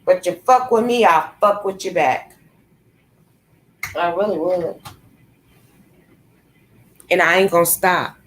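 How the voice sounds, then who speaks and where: A woman's voice: fairly low pitch, slow pace, pauses often. A young woman vlogging a confrontational, profane rant, taunting and cursing at someone she calls out. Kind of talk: angry profane rant to camera.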